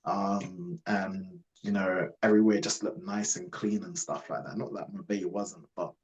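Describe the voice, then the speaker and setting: A young man from Jamaica telling his life story in a casual interview, relaxed and rambling with many fillers. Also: low voice, moderate pace, dull audio. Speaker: guest.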